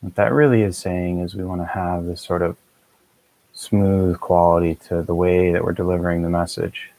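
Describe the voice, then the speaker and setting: A man with a very low voice leads a guided meditation, calm and measured. His delivery stays flat and even, with little rise or fall. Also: poor audio. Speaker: meditation teacher.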